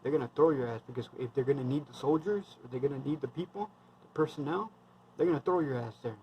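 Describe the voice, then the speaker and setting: A man's voice: medium pitch, fast talker, warm tone, slight background noise, low-quality recording. Blunt, foul-mouthed man in his thirties. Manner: heavily profane, rambling, blunt. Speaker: military veteran vlogger. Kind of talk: casual storytelling monologue.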